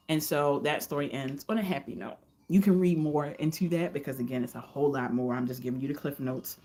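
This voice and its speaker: A woman reviewing romance novels in a casual vlog, retelling the plots in an animated way and slipping into the characters' quoted lines. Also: low-pitched, a little fast. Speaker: book reviewer.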